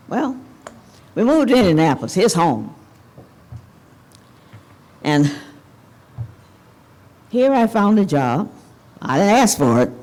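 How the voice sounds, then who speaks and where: An older woman from Evanston, Illinois, giving a commencement speech, telling a personal story in a candid, animated way. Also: mid-range voice, slow, long pauses. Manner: candid, animated storyteller, talks straight to the audience. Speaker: commencement speaker. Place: banquet hall ceremony.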